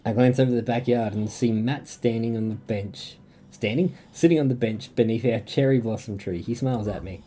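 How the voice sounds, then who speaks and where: Australian man, young, very dark mellow voice, reading game lines, faint ambience behind. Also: mid-range voice, normal speed, a little hiss or hum. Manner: reads game dialogue in a plain voice, breaks off to chat and laugh. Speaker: streamer. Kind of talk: reading and voicing a dating game aloud.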